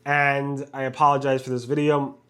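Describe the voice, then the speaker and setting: Fast-talking man recapping search news. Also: medium pitch, monotone, sharp tone, clean tone. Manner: fast talker with many fillers and restarts. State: slightly impeded speech from a bitten tongue. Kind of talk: casual news roundup to camera.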